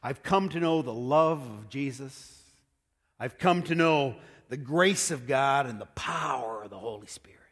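A man's voice: medium pitch, slow pace, a bit bright, voice pushed down. A man playing a confident, boastful preacher telling his conversion story in a showy, dramatic way, with long hall reverb.

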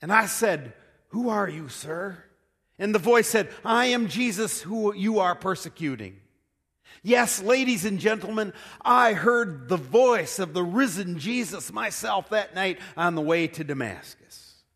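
A boastful, showy preacher telling his own dramatic conversion story, as a male pastor puts him on. The voice sits fairly high for a man and moves at an unhurried pace. A long reverb from the hall trails every line. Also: lively intonation, a bit bright, husky, exaggerated voice.

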